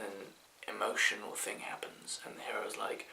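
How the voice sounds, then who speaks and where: A man's voice: fairly low pitch, completely flat delivery, moderate pace, creaky, few pauses, in a whisper. A man with a British accent giving a rambling, chatty movie review, full of fillers and restarts. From Britain. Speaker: film reviewer. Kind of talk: casual spoken movie review. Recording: echoey room.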